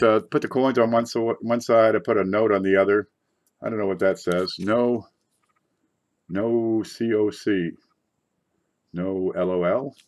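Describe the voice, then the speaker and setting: A man hosting a coin collecting show in casual livestream chat from his desk, rambling and chatty with sudden excited outbursts. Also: lowish voice. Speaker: coin collecting channel host.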